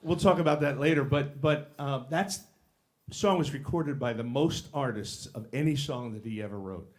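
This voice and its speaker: A man's voice: medium pitch, moderate pace, darkish tone. A man singing a jazz standard as guest on a live cabaret show, then chatting playfully as co-host. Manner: playful, rambling, self-deprecating. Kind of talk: cabaret singing and casual chat.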